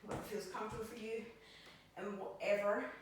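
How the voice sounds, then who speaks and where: Talking a little fast with fairly even intonation, a mid-range-voiced woman trainer demonstrates exercises, counts reps and offers encouragement while slightly breathless. She's recorded from far off in a very echoey gym against a noisy background.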